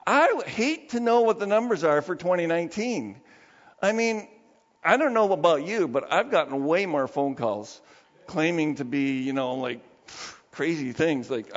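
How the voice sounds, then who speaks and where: A man preaching a sermon as pastor, praying softly and slowly, then telling stories with lively emphasis. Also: fairly high pitch. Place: church sanctuary. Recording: dull sound with long reverb of a church hall.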